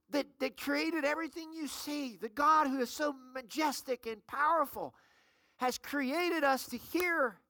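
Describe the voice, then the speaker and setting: Female pastor, emphatic sermon delivery with call-and-response, bright tone. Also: sits high, dry recording. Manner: storytelling with everyday examples.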